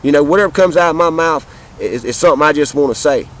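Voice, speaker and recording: A man from the American South with a noticeably high-pitched voice delivers an impassioned, profane rant. He speaks straight to his viewers and drives his points home through repetition. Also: quick pace, poor audio. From Southern United States. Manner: fiery, profane, repetitive, addresses viewers directly. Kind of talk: impassioned political rant to camera.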